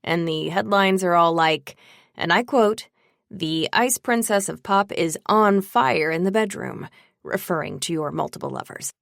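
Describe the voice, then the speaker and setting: Woman doing a snarky young guy bestie, teasing and over the top, slight gravel in the voice, dry close sound. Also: lowish voice, unhurried, a bit bright, no room sound. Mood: indignant. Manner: teasing, dramatic, sarcastic. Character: sarcastic, playful young male best friend.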